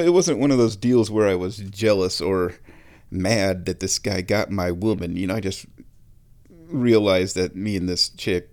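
A man's voice: on the low side, a little mellow. A middle-aged man telling rambling personal stories in a chatty, self-mocking way, laughing at his own jokes.

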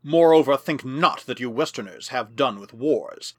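A man voicing an ancient, bitter male superman ruler who speaks in slow, grave, menacing pronouncements. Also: mid-range voice, lively intonation, a bit bright, no room sound, studio quality. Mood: bitter prophecy.

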